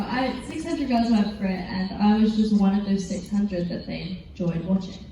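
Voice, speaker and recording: A woman's voice: mid-range voice, warm tone. A teenage girl with an English accent answering fan questions at a convention panel, chatty and giggly, rambling with lots of fillers. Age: teens. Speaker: actress, panel guest. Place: large convention hall. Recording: echoey hall from far off, faint noise.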